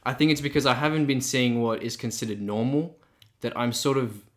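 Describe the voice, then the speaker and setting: Young man with a croaky, sore voice. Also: medium pitch, fairly quick. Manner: thoughtful, rambling with restarts. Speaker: podcast co-host. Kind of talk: casual chat.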